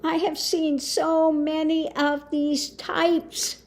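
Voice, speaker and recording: Slow-spoken high-voiced woman. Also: level tone. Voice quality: slow, deliberate with long pauses and frequent laughs. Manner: scornful, emphatic, mocking. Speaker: spiritual teacher. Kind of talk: casual monologue.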